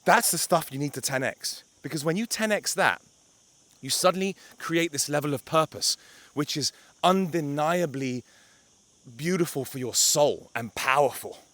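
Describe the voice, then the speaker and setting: A man's voice: on the high side, moderate pace, a bit bright. A young man talking to camera outdoors by a beach, a blunt, emphatic life coach who swears for emphasis.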